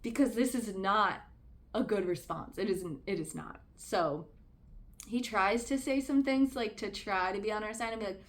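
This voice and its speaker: A woman's voice: medium pitch, moderate pace. Vlogger, woman, mid-range voice; candid, earnest, conversational delivery. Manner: candid and conversational, heavy use of "like"; earnest, speaks out about personal experience. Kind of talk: casual commentary to camera.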